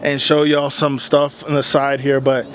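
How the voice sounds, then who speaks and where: A young man in a casual vlog, retelling a dispute in an animated, heated way. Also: mid-range voice, a little slow, slight background noise. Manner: animated, retells arguments with rising heat. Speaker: vlogger.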